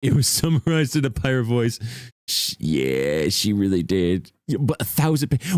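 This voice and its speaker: A young man hosting a casual livestream chat, animated and jokey, who laughs often and swoops his voice up when greeting viewers. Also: medium pitch, moderate pace, dry recording, studio quality. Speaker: streamer host.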